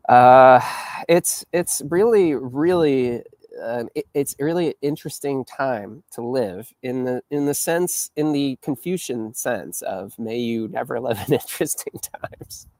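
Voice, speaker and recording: A man hosting a weekly talk stream, steering the conversation in a measured, lightly professorial way. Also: mid-range voice, expressive, a little mellow, dry recording. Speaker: host. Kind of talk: casual political chat.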